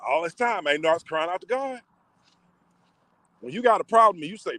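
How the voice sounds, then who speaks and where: A man's voice: sits high, lively intonation, fairly quick, pauses often, pushed and bright, dry recording. A man in casual, emotional storytelling, talking in slang with many fillers. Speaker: vlogger. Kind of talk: casual personal storytelling to camera.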